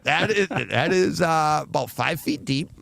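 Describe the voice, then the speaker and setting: A man's voice: on the high side, unhurried, vocal fry, no echo. A man co-hosting a podcast, chatting casually with lots of fillers and laughs. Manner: animated, laughing, rambling with fillers. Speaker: podcast co-host. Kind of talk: casual chat.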